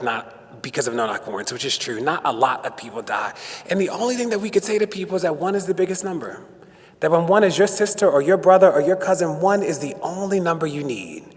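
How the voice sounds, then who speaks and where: A man giving a conversational speech to an audience as guest speaker, telling stories and acting out quotes. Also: mid-range voice. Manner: storytelling with acted-out quotes. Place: synagogue hall. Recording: long hall reverb.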